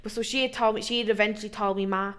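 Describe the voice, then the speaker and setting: A young woman from Ireland with a Dublin accent, co-hosting a podcast and telling a story in a casual, animated way with plenty of swearing. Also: mid-range voice, rapid-fire. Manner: animated, swears freely, acts out voices in her story. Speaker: podcast co-host.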